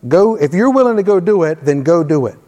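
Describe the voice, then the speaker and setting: A man's voice: on the high side, expressive, a little fast, darkish tone. A man preaching a sermon in a conversational way, reading scripture aloud with emphasis in a church hall. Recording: long hall reverb.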